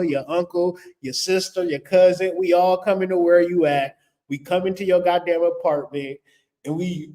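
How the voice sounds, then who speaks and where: Casting: high-voiced man, casual spiritual adviser, blunt, cursing and joking. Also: a little mellow. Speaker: spiritual vlogger. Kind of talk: casual spiritual advice talk.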